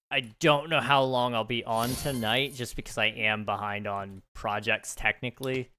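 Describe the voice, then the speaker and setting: A young man chats casually while live-streaming a game, thinking aloud with easy fillers and small laughs. His voice is bright and smooth, sitting at an average pitch.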